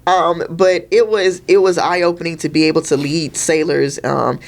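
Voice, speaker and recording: A middle-aged woman with a fairly low voice, chatting easily as a podcast guest about her Navy years. She talks casually, with slang, and jumps into animated impressions of the people in her stories. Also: normal speed. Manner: casual, uses everyday slang. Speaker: podcast guest, retired Navy master chief. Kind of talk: casual storytelling conversation.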